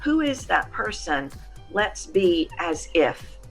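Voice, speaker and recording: A middle-aged woman speaks as a voice coach in an interview, emphatic and teacherly, her voice sitting a bit low. Faint music plays softly underneath. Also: sing-song, takes it slowly, creaky. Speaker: voice coach guest. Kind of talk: interview answers.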